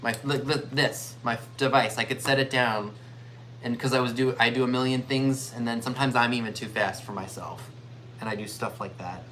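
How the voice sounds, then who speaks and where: A man's voice: mid-range voice, fairly even intonation, moderate pace, a bit bright, slight background noise. A man co-hosting a live online sale, teasing his partner and calling out the bids in a casual, joking way.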